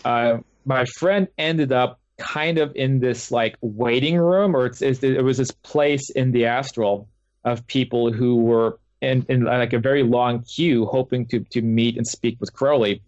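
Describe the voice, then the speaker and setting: A man's voice: mid-range voice, fairly even intonation, measured pace, darkish tone, no echo. A man, a guest author, telling his experiences in a casual interview with lots of fillers and restarts. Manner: rambling, with many fillers and restarts. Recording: dull lo-fi dry call audio.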